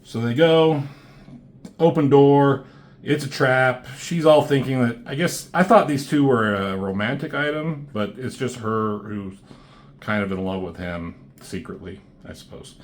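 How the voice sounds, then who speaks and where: A man's voice: medium pitch, measured pace. A man casually talking through comic book pages, rambling and swearing, with lots of fillers and restarts.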